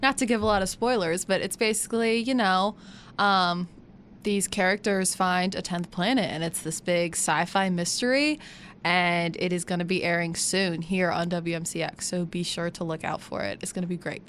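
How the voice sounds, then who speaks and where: A woman's voice: fairly low pitch, steady tone, normal speed, fairly bright tone, a little hiss or hum. A young woman in her twenties cohosting a college radio show in the campus studio, bubbly and giggly as she chats. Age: young adult. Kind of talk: casual radio chat.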